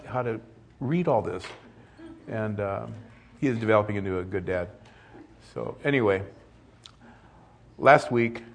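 An older man preaching a sermon as pastor, conversational with joking asides. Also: mid-range voice.

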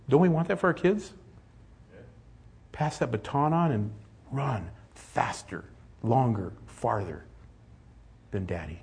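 A man's voice: mid-range voice, lively intonation, takes it slowly, pauses often, a little mellow, husky. A middle-aged man preaching a sermon as pastor, earnest and rising to emphatic peaks.

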